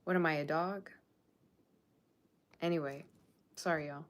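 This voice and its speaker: Low-voiced sassy woman tarot reader. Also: steady tone, unhurried. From Persian Russian background. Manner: sassy, blunt, scolding viewers. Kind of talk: casual tarot reading monologue.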